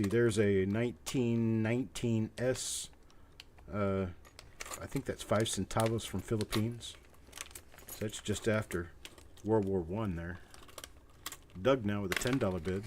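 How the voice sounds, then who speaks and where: This man's voice sits lowish, with background noise behind it. He hosts a live coin auction in a cluttered room at home, rattling off repeated bid chants at speed and dropping in casual chatter between calls.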